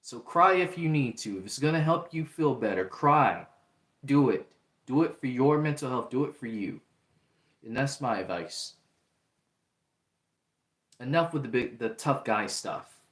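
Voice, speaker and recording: A man's voice: medium pitch, expressive, unhurried, pauses often, fairly bright tone. A young man hosting a livestream, talking in an earnest, repetitive way and reading out chat comments. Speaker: livestream host. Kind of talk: casual livestream talk. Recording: roomy echo.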